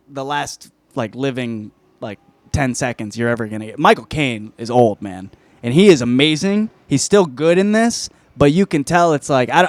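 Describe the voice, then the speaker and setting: A man's voice: medium pitch, dry recording. A man hosting a podcast, reviewing a film in casual, rambling chat full of swearing and restarts. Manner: rambling, profane, self-interrupting. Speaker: podcast host.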